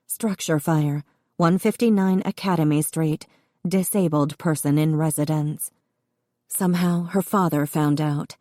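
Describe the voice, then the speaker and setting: Warm low-voiced female audiobook narrator. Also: no room sound, clean studio sound. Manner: steady, expressive reading. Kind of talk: scripted narration.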